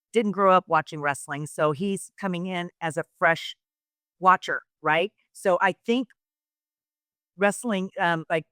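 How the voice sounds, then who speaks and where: A middle-aged woman who used to wrestle talks casually as a podcast guest, her voice on the low side with a clean tone. The recording is clean studio sound with no room sound, and her rambling stories come alive with acted-out quoted voices.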